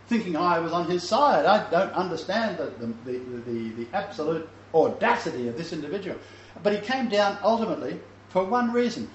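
With a slightly high voice, an older Messianic Bible study teacher rambles through his lesson like a storyteller, dropping lots of filler words. There is slight background noise, and the room sound is echoey and a touch dull with faint ambience.

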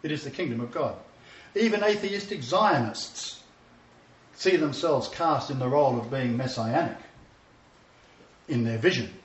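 A man's voice: mid-range voice, animated, unhurried, pauses often. A man preaching a sermon lecture, emphatic and repeating his key phrases. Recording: distant, roomy, dull sound.

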